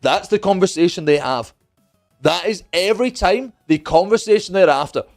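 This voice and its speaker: A young man with a fairly high voice tells a story in loose, casual chat. He is animated and profane, and he keeps slipping into other people's lines. Faint music plays behind him. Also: moderate pace, creaky. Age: young adult. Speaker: streamer.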